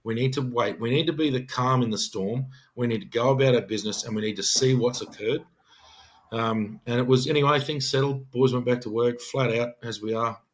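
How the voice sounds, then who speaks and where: A man's voice: mid-range voice, brisk. A middle-aged Australian police detective sergeant telling an emphatic, earnest story on a podcast, often acting out his own words.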